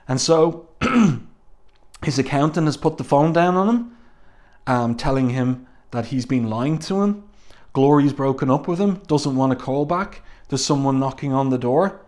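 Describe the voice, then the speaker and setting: A man casually reviewing a comic book, reading out the panels, pausing often and slowing down for admiring asides. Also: mid-range voice, lively intonation, a little mellow. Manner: halting, with many ums and slow admiring asides.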